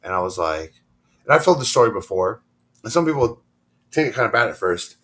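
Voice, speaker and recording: Low-voiced man telling a rambling story. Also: very animated, fairly quick, a bit bright. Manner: rambling, acts out quoted dialogue. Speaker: interview guest, professional wrestler. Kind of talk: casual storytelling interview.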